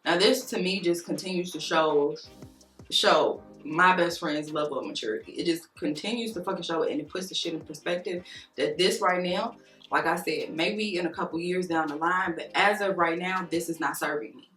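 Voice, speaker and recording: Her voice sits on the low side, bright-ish in tone, moving at a moderate pace. She's a beauty vlogger applying makeup and telling a story, venting hotly with emphatic swearing. Faint music plays in a roomy-sounding space.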